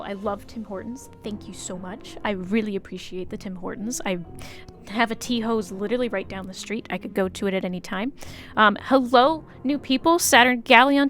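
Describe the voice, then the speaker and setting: A young woman streaming a video game, chatting casually with her viewers, swearing at the game and greeting people loudly. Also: mid-range voice. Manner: chatty, swears, loud excited greetings to chat.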